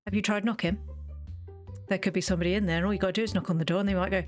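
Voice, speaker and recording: A woman rambles through a story while she streams a game, cutting herself off with playful asides. Her voice sits in an ordinary middle pitch. Soft game music plays underneath. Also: fairly even intonation, brisk. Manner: rambling, chatty, self-interrupting, playful asides. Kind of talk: casual gameplay chat.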